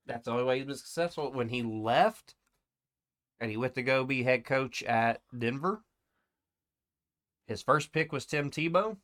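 Male sports podcast co-host, mid-pitched, casual and meandering, argues by asking questions. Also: moderate pace, long pauses, fairly bright tone.

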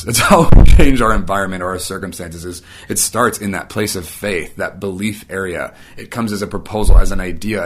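Emphatic man preaching on faith, lowish voice. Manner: emphatic, builds to animated peaks then drops low and quiet; casual, filler-heavy phrasing. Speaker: Christian teacher. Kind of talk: faith-based monologue.

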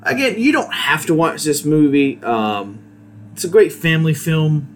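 A man's voice: fairly high pitch, expressive, a little slow, slight background noise. A man hosting a podcast, giving a casual, rambling solo movie review with many hesitations. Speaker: podcast host.

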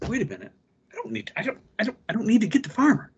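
A man voicing a boastful horse in a joke, a bit higher than his usual husky voice. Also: wildly swooping pitch, rapid-fire, a little mellow, dull audio, full character voice. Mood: cocky.

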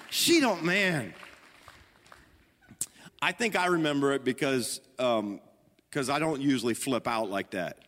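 A man's voice: mid-range voice, lively intonation, measured pace, pauses often, a bit bright. A middle-aged man preaching a sermon, telling a story with self-deprecating humor and talking to the congregation and to his wife. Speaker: pastor. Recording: long hall reverb.

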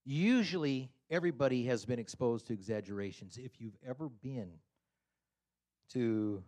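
A man giving a casual, humorous sermon, animated and often chuckling, acting out quotes with sudden high pitch jumps. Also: normal speed.

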